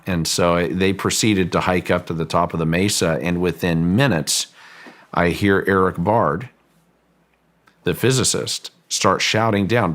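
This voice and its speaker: Deep-voiced man telling a story. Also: fairly bright tone. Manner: measured, deliberate recounting with repeated restarts. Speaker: interview guest. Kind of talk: storytelling in a long-form interview.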